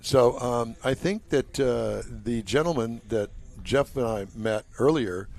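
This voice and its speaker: A man's voice: mid-range voice, slow pace, vocal fry, hardly any pauses, a little mellow, dry recording. A man in his sixties hosting a casual live show at an outdoor car show, joking and rambling between announcements. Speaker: show host.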